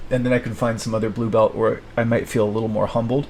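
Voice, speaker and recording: A man's voice: lowish voice, level tone, fast, a little mellow, slight background noise, poor audio. A young man thinking aloud at his desk, rambling and self-mocking as he plans his week. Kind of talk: rambling solo self-talk.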